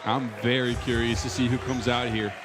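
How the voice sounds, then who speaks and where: A man giving color commentary at a basketball event, in a relaxed, agreeable, conversational way. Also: mid-range voice, moderate pace. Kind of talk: sports commentary.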